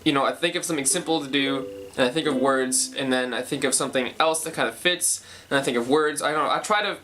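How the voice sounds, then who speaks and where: A man's voice: medium pitch, quick pace, sharp tone, a little hiss or hum. A young man casually talking through how he writes a song, thinking aloud and correcting himself as he goes. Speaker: songwriter explaining his process. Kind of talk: casual songwriting talk.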